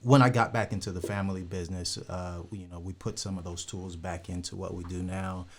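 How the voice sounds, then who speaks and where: A deep-voiced older man from California talks casually as an interview guest. He rambles through his story with plenty of fillers and a relaxed, easygoing manner. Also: a little fast. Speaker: guest, insurance broker.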